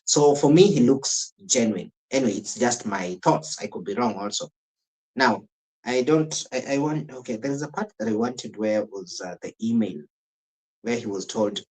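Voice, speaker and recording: A man's voice: lowish voice, moderate pace, darkish tone, poor audio. A Kenyan man streaming live, giving chatty, opinionated commentary on a show and greeting viewers from the chat. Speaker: streamer reacting to a reality show. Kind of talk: casual live reaction commentary.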